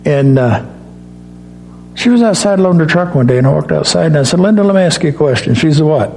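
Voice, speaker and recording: A middle-aged man preaching a sermon in a folksy, storytelling way, acting out dialogue and rising in pitch on key points. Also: lively intonation, fast talker, vocal fry, mellow, a little hiss or hum. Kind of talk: sermon with personal stories.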